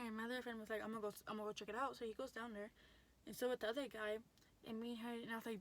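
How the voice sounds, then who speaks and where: A young woman talks straight to her audience, rambling through a story with plenty of fillers and excited bursts. Her voice sits a little high, and she keeps it casual and quick to react. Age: young adult. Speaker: vlogger.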